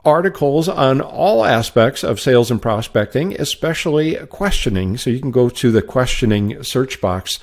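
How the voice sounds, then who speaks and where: A man's voice: mid-range voice, lively intonation, moderate pace, few pauses. A middle-aged man hosting a solo sales-training podcast, upbeat and coaching.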